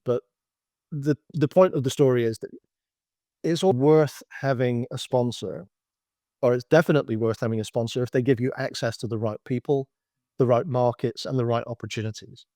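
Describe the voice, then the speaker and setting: In a slide-based business presentation, a middle-aged man explains patiently like a consultant, slipping into anecdotes and often restarting his phrases. His voice is at an ordinary male pitch, warm and a little fast. The sound is dry and close, with no room or echo.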